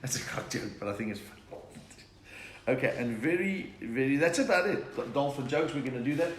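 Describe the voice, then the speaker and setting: An older South African comedian speaks from a room at home during lockdown, cracking jokes and reading viewer comments aloud in a live-streamed stand-up chat. His medium-pitched voice moves quickly with lively intonation and a chatty manner. The echoey room carries slight background noise.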